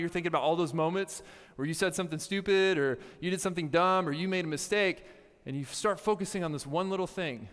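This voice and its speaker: A young man giving a youth camp sermon, telling stories with playful asides and lively energy. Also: sits high, in a large hall. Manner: animated storytelling with playful asides. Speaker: youth pastor. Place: large hall with a live audience.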